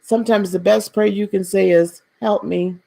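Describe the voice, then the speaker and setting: A woman hosting a live spiritual talk, speaking gently and repeating phrases for emphasis, addressing her viewers as beloved. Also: medium pitch, steady tone, normal speed, vocal fry. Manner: speaks directly to viewers, calls them beloved.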